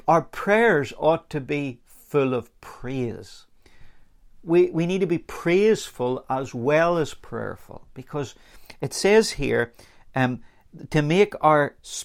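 A man preaching a sermon, earnest and lively, with dramatic pauses and acted-out anecdotes. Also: on the high side.

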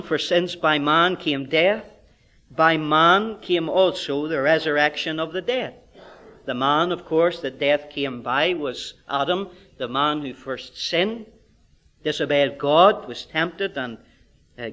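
With a Northern Irish accent and a slightly high voice, a man preaches an expository Bible sermon. He swings between loud, drawn-out proclamations and quiet asides.

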